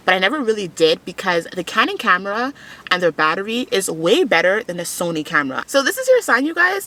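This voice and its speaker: Chatty woman with a bright voice. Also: medium pitch. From Montreal, Canada. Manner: chatty, animated storyteller, laughs often. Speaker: fitness vlogger. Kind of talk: casual vlog chat to camera.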